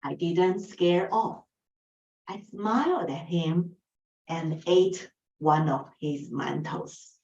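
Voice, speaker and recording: Woman from Taiwan; slow, lively storyteller, lifted voice, heard far off and muffled in a roomy space. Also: lowish voice. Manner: animated, acts out dialogue. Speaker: club speaker. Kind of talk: prepared storytelling speech.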